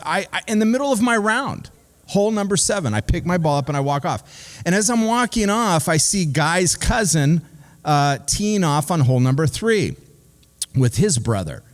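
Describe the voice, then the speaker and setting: A man preaching a relaxed, conversational sermon as pastor, telling stories with lots of fillers and growing animated. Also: a little high. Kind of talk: casual sermon with storytelling. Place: church sanctuary. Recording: long church hall reverb.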